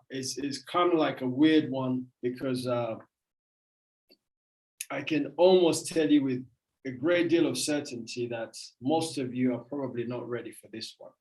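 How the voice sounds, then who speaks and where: A man hosting an online program, addressing viewers in a casual, chatty way and often trailing off softly. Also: mid-range voice, rough recording.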